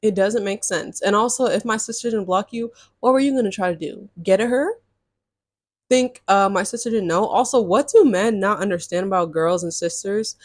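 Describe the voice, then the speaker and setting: A woman's voice: mid-range voice, normal speed, no room sound. Young woman, from California, chatty and exasperated, mid-range voice, dry close sound. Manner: chatty, exasperated, slangy storytelling. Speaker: storytime vlogger. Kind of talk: casual storytime.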